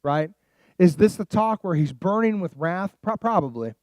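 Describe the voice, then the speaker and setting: A man preaching a sermon as pastor, animated and casual, dropping into quiet asides and rising into loud emphatic passages. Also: high voice, normal speed, no room sound. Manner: casual slang.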